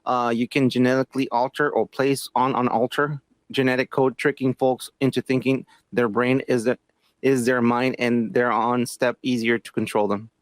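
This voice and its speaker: A man co-hosting a podcast, talking in a rambling, halting way. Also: medium pitch, level tone, no echo. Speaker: podcast co-host. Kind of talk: casual podcast banter.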